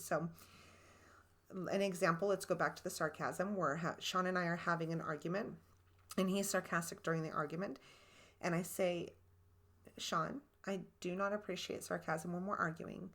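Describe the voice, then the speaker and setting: This is a woman in her thirties with a somewhat low-pitched voice, co-hosting a marriage podcast. She explains things earnestly and patiently, and she walks through step-by-step examples of setting boundaries. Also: fairly quick, a bit bright. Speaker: podcast co-host. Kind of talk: relationship advice talk.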